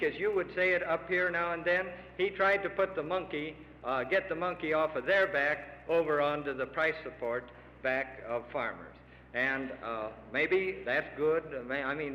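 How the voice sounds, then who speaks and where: Middle-aged guy making an earnest speech to farmers, slightly high voice, faint hiss behind. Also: moderate pace. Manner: earnest, pleading, emphatic. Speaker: official giving a speech to farmers. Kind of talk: public speech. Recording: lo-fi archival radio recording with long hall reverb.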